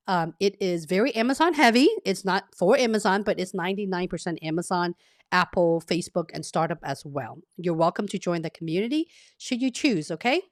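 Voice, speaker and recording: A woman's voice: lowish voice, no room sound, studio quality. Upbeat woman coaching on a live stream. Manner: chatty and upbeat, with frequent "okay?" check-ins. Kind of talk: casual live-stream coaching, reading chat aloud.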